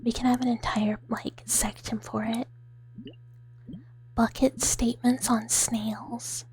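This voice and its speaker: A woman streamer doing a whispered role-play, chatting softly with viewers in a breathy whisper and giggling often. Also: fairly high pitch, little pitch movement, takes it slowly. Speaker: ASMR streamer.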